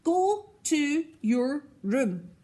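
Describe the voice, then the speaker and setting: A stern storybook mother, as a woman reader puts her on, scolding her boys firmly and loudly. The voice is raised a little above the reader's own and keeps some breathiness. It sounds like a parent laying down the rules. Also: on the high side, big pitch swings, unhurried, husky, heavily acted. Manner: firm and scolding.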